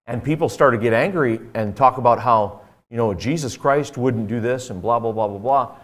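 Earnest male preacher, mid-pitched, storytelling sermon. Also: normal speed. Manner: earnest, conversational preaching with frequent fillers.

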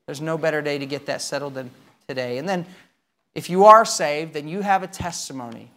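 A man preaching a sermon, telling a story with emphatic swings between loud and quiet. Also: a little high, fairly quick.

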